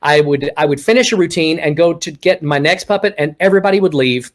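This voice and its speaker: A man with a somewhat high voice talks over a video call. He tells his stories in an animated way and acts out what people said along the way. He grew up in Texas but has no regional accent. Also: fast talker. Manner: animated storyteller acting out quoted remarks. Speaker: guest, ventriloquist. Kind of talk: casual storytelling interview.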